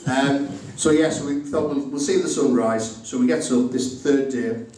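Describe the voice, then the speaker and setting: A man's voice: mid-range voice, moderate pace, mellow. A middle-aged man giving a humorous wedding speech as the groom, acting out both sides of each conversation. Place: indoor wedding reception room. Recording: very echoey room recorded from far off.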